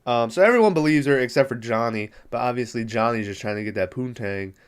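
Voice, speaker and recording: Podcast host, male, smooth clear voice, loose profane plot recap with lots of fillers. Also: medium pitch, fast. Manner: rambling, profane, amused. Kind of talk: casual movie recap.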